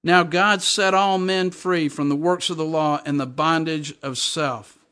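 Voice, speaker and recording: A man's voice: fairly high pitch, fairly even intonation, unhurried, bright, forceful tone. A man preaching a sermon, reading scripture aloud and explaining it with emphatic repetition. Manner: emphatic, repeats and explains verses.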